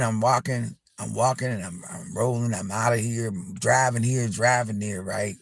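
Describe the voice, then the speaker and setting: Slow-talking man on a live stream. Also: mid-range voice, no echo, studio quality. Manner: animated, repetitive and profane, addressing viewers as y'all. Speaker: livestream host. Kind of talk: casual live-stream storytelling.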